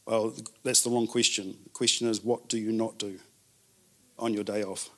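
A man preaching a sermon in an animated way, repeating words for emphasis. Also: on the low side, moderate pace. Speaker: pastor.

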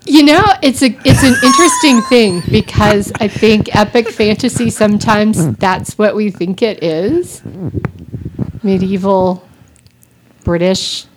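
A woman in casual podcast chat, talking at an easy middle pitch. She drifts from point to point, adding asides as she goes. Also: measured pace, noisy background. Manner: chatty, digressive. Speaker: podcast co-host. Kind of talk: casual chat about audiobooks.

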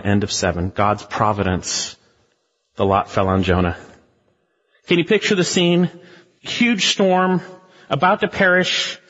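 Man preaching emphatically with rhetorical questions; raised, husky voice; muffled sanctuary recording. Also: high-pitched, fairly bright tone, long reverb tail. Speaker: pastor. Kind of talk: expository sermon.

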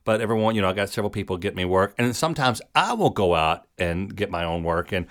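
A man's voice: sits low, expressive, fast. A middle-aged man, a comedian, hosting his show in a rambling, chatty monologue full of fillers. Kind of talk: casual monologue.

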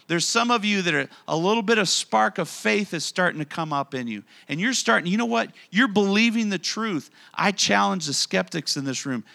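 A man preaching a sermon in a church, animated and acting out the voices of people in the stories he tells. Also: on the high side, vocal fry. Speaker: pastor. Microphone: handheld or stand mic.

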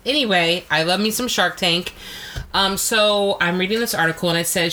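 A woman's voice: on the low side, moderate pace, sharp tone, slight background noise. A woman co-hosting a podcast in casual chat, ranting with profanity and laughing. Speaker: podcast co-host.

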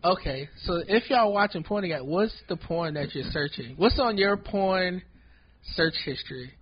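High-voiced man hosting a slangy podcast. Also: expressive, moderate pace, slight background noise. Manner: teasing, slangy, laughs often. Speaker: podcast host. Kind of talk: casual podcast chat. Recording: dull lo-fi sound.

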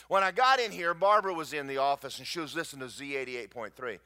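Male pastor, sermon delivery, slightly high, animated, folksy asides. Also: racing, hardly any pauses. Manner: animated, rising to near shouts at peaks, folksy asides to the congregation. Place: church sanctuary.

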